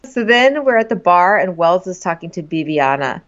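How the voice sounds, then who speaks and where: A woman's voice: lowish voice, big pitch swings, moderate pace, a bit bright. Wry female podcast co-host, muffled mic. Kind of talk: comedic recap chat.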